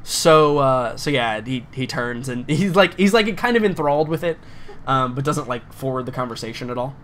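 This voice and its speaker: A man's voice: mid-range voice, lively intonation, normal speed, a bit bright. Male GM, casual rambling narration, filler-heavy, faint room noise. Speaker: game master. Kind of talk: narrating a tabletop game.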